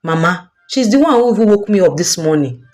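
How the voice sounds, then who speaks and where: A woman's voice: mid-range voice, expressive, brisk, natural voice. A woman voicing a cheerful, trusting young woman who adores her best friend. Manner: bright, gushing and trusting.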